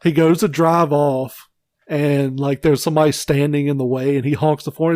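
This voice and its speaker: A man co-hosting a casual podcast, telling movie stories with lots of swearing and shouted impressions. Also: a little high, normal speed, no echo. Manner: profane, animated storytelling with shouted impressions. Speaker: podcast co-host. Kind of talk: casual chat.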